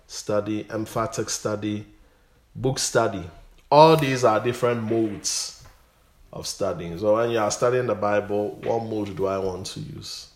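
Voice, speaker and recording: Pastor, male, low voice, teaching Bible study; often repeats himself, then surges with emphasis. Roomy recording. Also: vocal fry. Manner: repeats words, rises to emphatic bursts.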